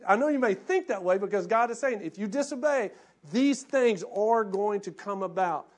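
High-voiced impassioned male preacher. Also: expressive, measured pace. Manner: impassioned, acts out quoted prayers, drops to hushed tones. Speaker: pastor. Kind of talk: sermon.

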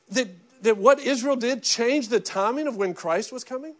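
A middle-aged man preaching a sermon in an animated, conversational way, often repeating words and acting out quoted voices. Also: very high voice, fairly quick, hardly any pauses. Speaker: pastor.

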